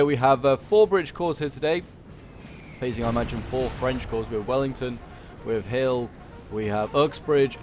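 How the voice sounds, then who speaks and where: A male game commentator with a middling voice talks casually through a battle, rambling and filling pauses as he thinks aloud. Music plays clearly behind him throughout. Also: mid-range voice. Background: background music.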